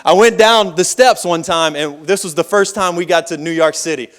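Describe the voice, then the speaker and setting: Male pastor, higher register, folksy storyteller who wanders into asides mid-sermon. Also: normal speed, fairly bright tone. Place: church service.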